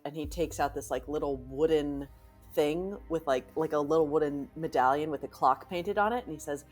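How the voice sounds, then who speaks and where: A woman narrating her character's actions in a tabletop game, in an animated storytelling manner. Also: deep voice, moderate pace, soft background music. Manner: animated storytelling with acted quotes. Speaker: player.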